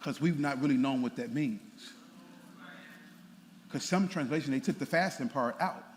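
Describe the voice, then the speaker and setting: A pastor preaching a sermon, playful and animated, tossing laughing asides to the congregation. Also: male voice, mid-range voice, moderate pace. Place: large church sanctuary. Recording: church hall reverb with faint room noise.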